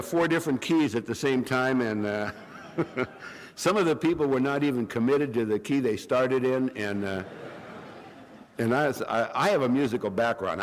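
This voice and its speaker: Wry rambling man at a podium, coughing. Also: medium pitch. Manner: rambling storyteller, wry jokes, many fillers. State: coughing from bronchitis. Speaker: AA speaker. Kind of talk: comic recovery talk at a meeting. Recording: long reverb of a hall.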